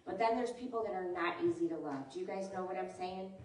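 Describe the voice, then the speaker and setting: A woman's voice: lowish voice, fairly quick, darkish tone. A woman pastor giving a conversational sermon, often asking her congregation questions. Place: church sanctuary. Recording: echoey church hall, mic at a distance.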